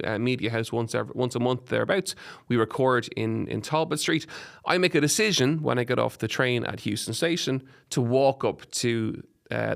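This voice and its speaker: A man with an Irish accent hosting a podcast, giving fitness advice in an energetic, encouraging way and listing examples in quick runs. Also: mid-range voice, gravelly. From Ireland. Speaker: podcast host and fitness coach. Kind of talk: solo podcast advice talk. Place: podcast studio.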